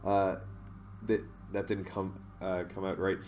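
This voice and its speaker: A man's voice: low voice, monotone, measured pace, a little mellow, slight background noise. A man giving casual gameplay commentary, rambling, swearing and laughing often, reading menu options aloud. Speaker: let's play host.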